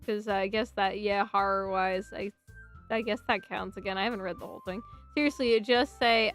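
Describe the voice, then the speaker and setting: A woman's voice: medium pitch, fairly even intonation, a little fast, a bit bright, faint music behind. A woman streamer chatting casually and reading game text aloud, often breaking into giggles. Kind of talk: casual let's-play commentary.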